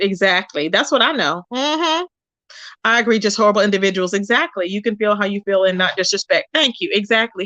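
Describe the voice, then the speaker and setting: A woman's voice: medium pitch, a bit bright. A woman hosting a casual livestream, chatting sassily about online drama and greeting viewers in the chat by name. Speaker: livestream host. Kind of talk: casual gossip commentary.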